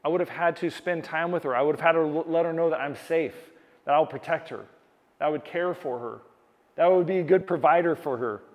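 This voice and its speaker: A man's voice: on the high side, brisk. Earnest preacher man in a reverberant hall. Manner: earnest, repeats key phrases for emphasis. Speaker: pastor. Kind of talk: sermon.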